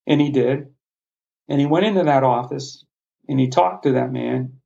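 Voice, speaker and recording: Podcast guest, middle-aged man, gravelly voice, earnest storyteller, slightly muffled lo-fi sound. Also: mid-range voice, mellow. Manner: heartfelt, passionate, halting restarts.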